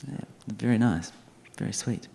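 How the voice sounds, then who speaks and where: Deep-voiced man telling a story. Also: moderate pace, creaky, slight background noise. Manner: animated, acts out the other people in his story. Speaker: documentary filmmaker on a festival panel. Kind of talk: storytelling on a panel.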